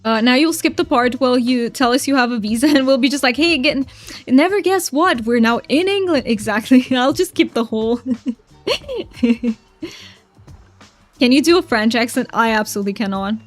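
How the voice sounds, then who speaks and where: Young woman streamer, bright higher voice, casual and giggly with chat, soft game music underneath. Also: lively intonation, normal speed, pauses often. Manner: chatty, giggly, reads chat aloud.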